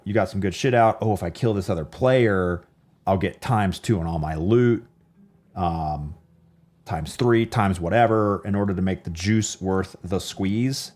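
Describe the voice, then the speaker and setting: A man's voice: low voice, a little mellow. A man streaming and chatting casually with his live chat, rambling with lots of fillers and restarts.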